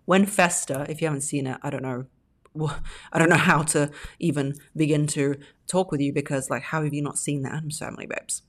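A woman's voice: sits low, steady tone, fairly quick. A woman hosting a podcast, giving blunt relationship advice and acting out the phrases she quotes in mocking voices. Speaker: podcast host.

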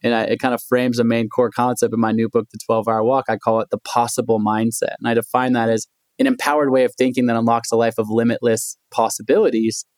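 Fast-talking man telling a story. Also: mid-range voice, dry recording. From United States. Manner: animated storyteller, acts out quoted voices. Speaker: guest, endurance athlete and author. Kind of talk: storytelling in a podcast interview.

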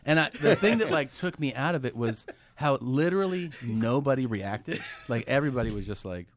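A man's voice: mid-range voice, lively intonation, a little fast, slight background noise. A man, a comedian, telling stories in a casual podcast studio chat, swearing freely and laughing as he goes. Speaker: comedian guest. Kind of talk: casual storytelling conversation.

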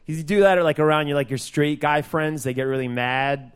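A man's voice: fairly high pitch, steady tone, a little fast, clean tone. Rambling, giggly man doing stand-up. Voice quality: rambling, filler-heavy, giggly. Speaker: comedian. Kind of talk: stand-up comedy.

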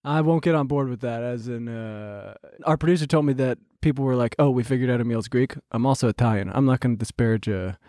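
A man's voice: medium pitch, fast talker, hardly any pauses, dark tone, no room sound, clean studio sound. A man from New Jersey co-hosting a podcast, dropping wry asides and bits of trivia. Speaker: podcast co-host. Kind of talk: casual comedic chat.

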